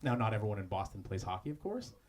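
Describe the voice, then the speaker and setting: Performing on a comedy club stage, a Canadian roast battle comic fires off crude, mocking insults and punchlines. He talks fast in a lowish voice with big pitch swings, captured in a noisy live club recording.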